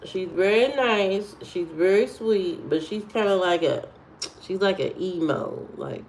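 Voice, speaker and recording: A woman hosting a casual livestream, reading out and answering viewers' comments, keeping her voice low. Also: takes it slowly, darkish tone, a little hiss or hum, rough recording. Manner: reads and answers chat comments aloud, lowered voice. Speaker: livestream host.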